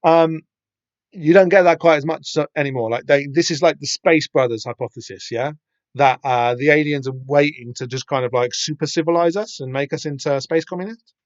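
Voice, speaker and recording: A man's voice: on the high side, fairly quick, dry recording. A man hosting a podcast, talking through a comic in a rambling, casual way with lots of fillers and restarts. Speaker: podcast host. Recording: dull lo-fi sound.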